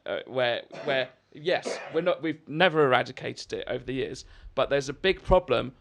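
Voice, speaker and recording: Gravelly young man, earnestly arguing. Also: medium pitch, fairly bright tone, a little hiss or hum. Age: young adult. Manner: halting, restarts, earnest arguing. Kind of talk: political debate.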